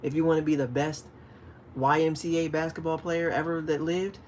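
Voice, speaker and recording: A man hosting a casual fishing livestream, chatting with viewers and acting out stories with sudden loud calls. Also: on the high side, moderate pace, slight background noise. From DC, Maryland, Virginia area. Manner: animated storytelling, acts out shouted calls. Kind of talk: casual livestream chat, reading viewer comments.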